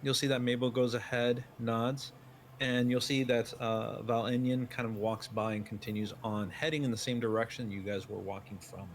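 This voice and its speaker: A man's voice: medium pitch, steady tone, moderate pace, a little hiss or hum. Male game master narrating a scene. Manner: descriptive second-person narration with many fillers.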